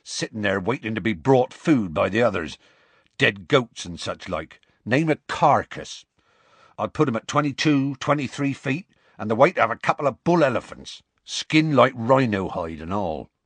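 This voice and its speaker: A man voicing a huge rough-spoken half-giant gamekeeper with a folksy country dialect and dropped letters, telling a story at an unhurried pace. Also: medium pitch, lively intonation, a bit bright, dry recording, voice pushed up.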